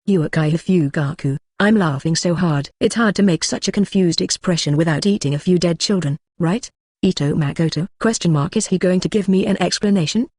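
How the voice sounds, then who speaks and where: A text-to-speech voice narrating a translated web novel in an even, flat delivery, reading punctuation marks and symbols aloud. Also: medium pitch, fairly quick, no echo, studio quality. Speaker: audiobook narrator.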